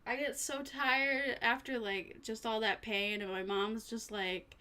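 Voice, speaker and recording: A woman's voice: fairly high pitch, steady tone, measured pace, sharp tone, clear, resonant tone. A tired woman streaming casually, rambling to herself and her chat with little laughs. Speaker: vtuber streamer.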